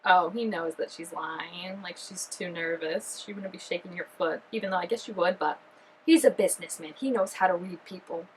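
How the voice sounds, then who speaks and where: A woman chatting excitedly through a reaction video, full of fillers and giggly asides. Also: fairly low pitch, normal speed, slight background noise, low-quality recording. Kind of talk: casual reaction commentary.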